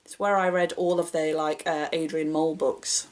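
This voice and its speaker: Woman book vlogger, casual and self-deprecating, bright question reads, offhand answers. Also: sits low, flat delivery, normal speed.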